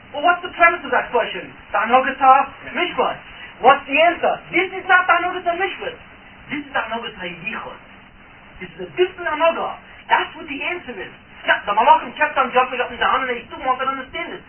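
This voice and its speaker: A rabbi giving a Torah class to a live audience, firing questions at the room and answering them himself. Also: male voice, extremely high pitch, expressive, quick pace, a little hiss or hum. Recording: tinny, distant, lo-fi class recording.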